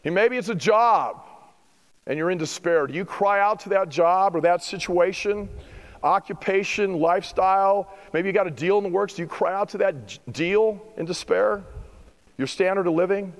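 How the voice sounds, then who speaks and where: High-voiced preaching man in a hall. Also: normal speed. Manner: preaching with rising emphasis and rhetorical questions. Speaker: pastor. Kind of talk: sermon.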